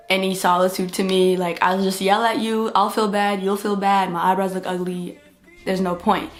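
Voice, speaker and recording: A young woman tells a casual story-time vlog straight to camera. Her delivery is expressive, and she jumps into other people's lines as she retells what happened. Faint music plays under her voice. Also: on the low side. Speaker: vlogger.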